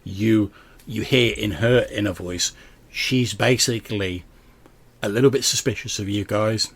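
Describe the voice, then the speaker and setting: Gravelly man running a tabletop game. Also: lowish voice, a little slow. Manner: rambling, full of "like" and "sort of". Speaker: game master.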